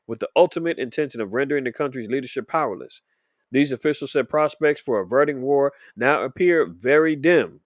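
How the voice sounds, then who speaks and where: A man's voice: mid-range voice, no room sound, studio quality. A man hosting a commentary show, reading news headlines aloud and adding informal, emphatic opinion for his viewers.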